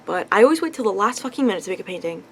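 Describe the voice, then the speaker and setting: A young woman ranting in a casual vlog into her phone, rambling with lots of fillers and swearing, clearly frustrated. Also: medium pitch, sing-song, racing, slight background noise, poor audio. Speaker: vlogger. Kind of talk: casual confessional vlog rant.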